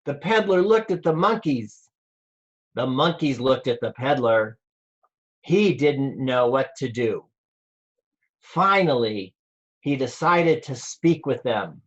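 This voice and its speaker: A rabbi reading a picture book aloud to children over a video call, slow and playful, asking them questions. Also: male voice, medium pitch, lively intonation, muffled recording.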